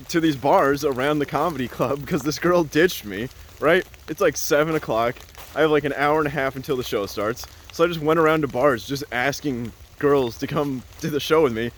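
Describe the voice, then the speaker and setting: A man's voice: on the high side, normal speed, slight background noise. A man telling a casual, rambling story as a vlogger, full of "like" and "uh" and laughing often.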